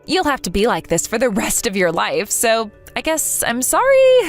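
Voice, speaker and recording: A woman's voice: a little high, huge pitch swings, normal speed, faint music behind. A woman voicing a cruel young woman in a text-message story, scornful and taunting, a fake friend. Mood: mocking. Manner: scornful and taunting, laughing at others.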